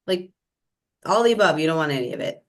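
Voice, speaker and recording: A woman co-hosting a podcast, speaking frankly in a measured, agreeing way. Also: sits low, sing-song. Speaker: podcast co-host. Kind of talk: candid podcast chat.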